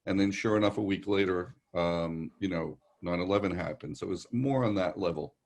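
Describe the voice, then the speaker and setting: Low-voiced man with a New York accent. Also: fairly quick, a little mellow. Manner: rambling, reassuring, relays messages in quotes. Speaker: psychic medium. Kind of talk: live virtual show readings.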